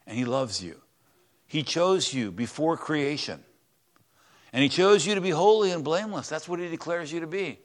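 A man preaching a conversational sermon in a church, swinging between loud, stressed words and quiet asides. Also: a little high, animated, normal speed. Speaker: pastor.

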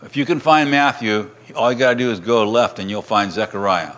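A man's voice: fairly low pitch, fairly quick, fairly bright tone. A man preaching a sermon, reading scripture aloud and retelling it in casual everyday words.

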